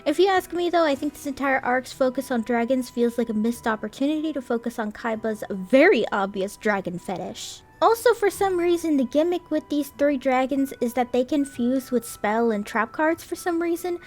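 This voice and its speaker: A woman's voice: sits high, expressive, normal speed, hardly any pauses, darkish tone, faint music behind. A young woman reading a scripted anime review voice-over, sarcastic, with casual swearing and wry asides.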